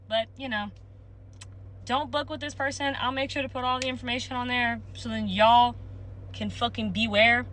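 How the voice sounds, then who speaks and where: A woman's voice: on the high side, steady tone, normal speed, fairly bright tone, slight background noise, rough recording. A woman ranting angrily to camera, swearing heavily. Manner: irate, heavy swearing. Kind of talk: angry rant to camera.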